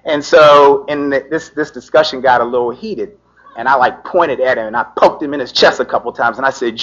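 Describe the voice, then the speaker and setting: A middle-aged man, a lawyer, telling a personal story in an animated way, filling his talk with "you know" and laughing as he goes. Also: medium pitch, normal speed. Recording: dull lo-fi recording.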